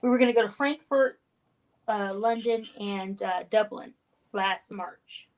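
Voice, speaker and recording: Middle-aged woman, mid-pitched voice, relaxed self-deprecating co-host. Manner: easygoing, self-deprecating, quick to laugh. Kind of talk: casual chat.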